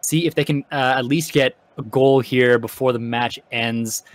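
A man's voice: mid-range voice, steady tone, moderate pace, dry recording. A Canadian man hosting an online football video game broadcast, talking in a loose, chatty way full of little hesitations. His voice sits in an ordinary middle range, and the sound is dry and close. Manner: chatty, hesitant, many fillers. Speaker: esports host. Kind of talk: casual game commentary.

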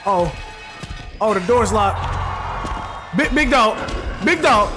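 Man, very high voice, AAVE, excitable gameplay commentary, swearing, game music behind. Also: drawn-out words. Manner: excitable, profane, talks to the game and chat. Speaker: gaming streamer.

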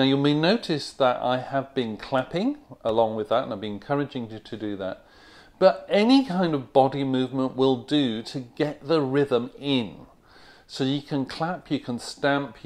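A man teaching a video lesson on reduction, talking clearly and stressing words rhythmically. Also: mid-range voice, darkish tone. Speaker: accent coach.

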